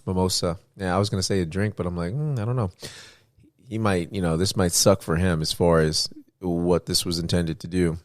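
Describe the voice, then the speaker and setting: A man with a fairly low voice co-hosts a podcast, recorded dry and close on a studio mic. He talks in a rambling, animated way, restarting his sentences as he retells events. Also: fairly quick, dry recording. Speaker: podcast co-host. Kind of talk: casual podcast chat.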